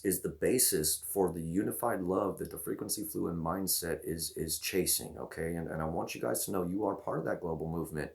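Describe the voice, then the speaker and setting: A young man hosting his own video channel, giving excited shout-outs to viewers with many restarts and repeated "guys". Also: low voice, gravelly. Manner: enthusiastic, repeats "guys" and "baby", stammers restarts. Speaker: vlogger host.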